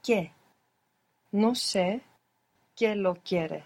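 A woman's voice: mid-range voice, extremely slow, darkish tone. Woman student giving tentative answers. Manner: tentative short answers, laughs at own slips. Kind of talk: answering in a spoken lesson.

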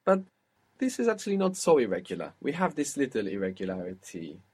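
A man's voice: mid-range voice, huge pitch swings, fairly quick, darkish tone, slightly rough. A man teaching a spoken language lesson, patiently explaining grammar step by step and quizzing his student.

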